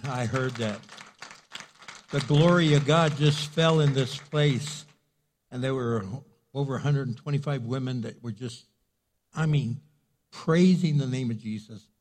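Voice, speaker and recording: An older pastor preaches in a church sanctuary, talking in a loose, conversational way with plenty of filler words. His voice is mellow and dark, with a husky edge. The pitch sits at an ordinary level for a man. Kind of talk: sermon.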